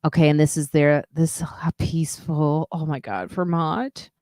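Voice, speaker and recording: A woman's voice: deep voice, fairly even intonation, unhurried, a little mellow, dry recording, studio quality. A woman comedian and podcast host telling stories in a casual, chatty live stream. She pokes fun at herself and often trails off and restarts.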